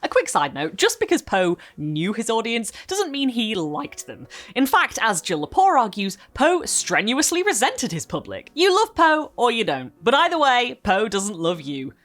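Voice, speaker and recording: Woman narrating with a lively, swooping voice. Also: on the high side. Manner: expressive, emphatic reading with dramatic pauses. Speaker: literature video essayist. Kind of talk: scripted narration, literary video essay.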